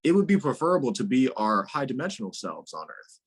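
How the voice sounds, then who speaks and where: A man speaking as a guest spiritual teacher in a casual interview, animated and emphatic, laughing often. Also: mid-range voice, brisk, slightly rough.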